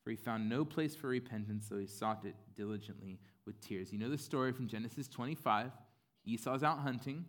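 A man's voice: medium pitch, brisk. A man preaching a sermon in a casual, conversational way, with plenty of fillers. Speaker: pastor.

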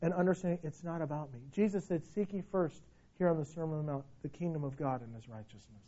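A man preaching a sermon with passion, swinging between loud declarations and hushed, pleading lines. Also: a little high, quick pace, highs cut off. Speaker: pastor.

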